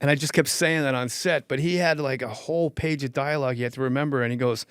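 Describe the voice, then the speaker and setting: A man's voice: medium pitch, fast talker, clear, resonant tone, dry recording, clean studio sound. A man hosting a podcast, telling stories animatedly and with lots of swearing. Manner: animated, profane, acts out scenes. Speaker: podcast host. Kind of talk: comedic storytelling.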